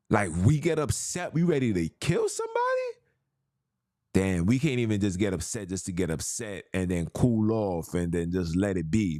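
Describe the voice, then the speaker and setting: Male podcast host, low voice, dry close sound, slangy and emphatic, preaching in a loose monologue. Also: big pitch swings, normal speed, dark tone, dry recording. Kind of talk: casual monologue.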